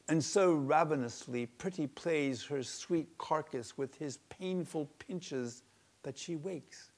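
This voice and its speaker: A man reads aloud from his book of fables, lingering on each word. His voice is gravelly and his pace unhurried, with a middling pitch. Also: a little mellow. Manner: slow, deliberate, relishing the words. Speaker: author reading his book. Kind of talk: storybook narration.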